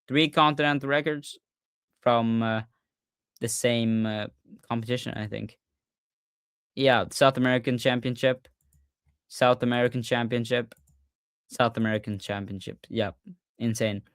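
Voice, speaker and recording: A man hosting a casual livestreamed podcast, talking excitedly and often restarting his sentences with fillers. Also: mid-range voice, unhurried, long pauses, clean tone, dry recording, clean studio sound. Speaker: podcast host.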